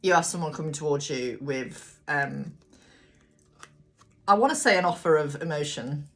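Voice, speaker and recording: A woman gives a casual live tarot reading at home in a chatty, blunt and sweary manner. Her voice sits low but swings widely in pitch. A steady noise hiss runs under the recording. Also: normal speed. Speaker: tarot reader. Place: home room with a ring light.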